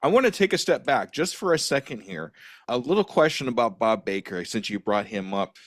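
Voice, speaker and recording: A man hosting a podcast interview, chatting casually with a self-deprecating, lively manner. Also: mid-range voice, a little fast, no echo, studio quality. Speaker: podcast host.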